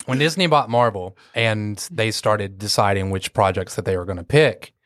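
A man with a low voice and a sore throat talks in an easygoing podcast chat. He rambles and restarts his sentences often. The sound is dry and close. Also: moderate pace, no room sound. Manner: rambling, with frequent restarts and fillers. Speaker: podcast guest.

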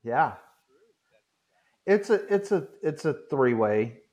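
A man's voice: on the high side, very animated, slow pace, a little mellow, dull audio. Easygoing man co-hosting a chat. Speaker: co-host. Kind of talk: casual chat.

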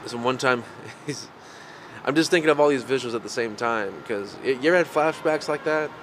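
A man's voice: mid-range voice, a little fast, fairly bright tone. A man hosting a podcast in casual conversation, rambling and laughing often, with lots of fillers. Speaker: podcast host. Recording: noisy background recording.

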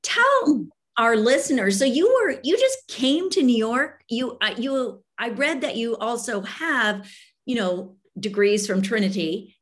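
A woman hosts a podcast in casual interview chat, bubbly and full of praise for her guest. Her voice sits a little higher than most. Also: expressive, measured pace. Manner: gushing, enthusiastic. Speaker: podcast host.

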